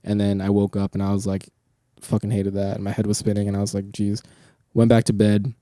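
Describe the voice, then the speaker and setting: A man's voice: fairly low pitch, completely flat delivery, quick pace, mellow, no room sound, clean studio sound. A young man hosting a podcast, telling long rambling stories in casual chat, full of swearing and filler words. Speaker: podcast host.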